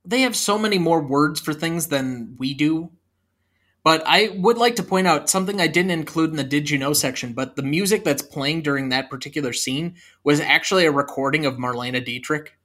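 Bright-voiced man co-hosting a film podcast. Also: fairly high pitch, moderate pace. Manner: reads movie quotes aloud in a lightly acted voice. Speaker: podcast co-host. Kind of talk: casual film discussion.

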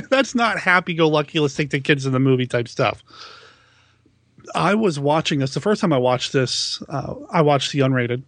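On a podcast he co-hosts, a man chats about movies in a laughing, self-deprecating way. His fairly high, fairly bright voice has lively intonation and a moderate pace, recorded dry.

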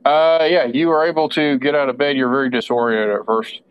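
A man narrating and running a tabletop role-playing game, halting often with fillers. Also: mid-range voice, fairly even intonation, clean tone, no room sound, muffled recording. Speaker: game master.

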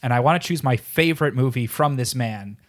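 A man's voice: mid-range voice, fairly quick. A man co-hosting a podcast, casually rambling and acting out his own past thoughts. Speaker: podcast co-host. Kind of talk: casual chat.

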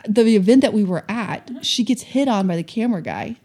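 A woman in a relaxed podcast chat with an average-pitched voice. She is easygoing and often answers with quick agreeing asides. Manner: easygoing, chats back with short agreeing asides. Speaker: podcast co-host.

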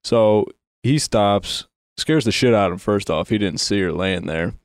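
A man's voice: lowish voice, unhurried, dry recording, clean studio sound. A man on a tabletop game podcast, telling a long crude joke in a loose, rambling way. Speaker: player. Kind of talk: casual podcast chat.

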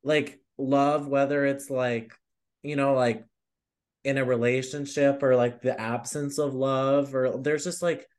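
A young man co-hosting a casual music podcast, rambling and animated with lots of filler words. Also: mid-range voice, unhurried. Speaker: podcast co-host. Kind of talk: casual chat.

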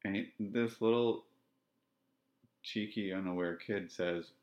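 A man hosting a podcast, telling a personal story in a reflective, halting, candid way. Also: low-pitched, a little mellow. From Canada. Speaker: podcast host. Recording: dull lo-fi sound.

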